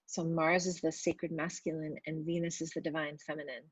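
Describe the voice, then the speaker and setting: A woman giving a loose, chatty spiritual talk to viewers, with many fillers, trying to speak gently. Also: low-pitched, level tone, brisk, husky, dry recording. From Italian family background.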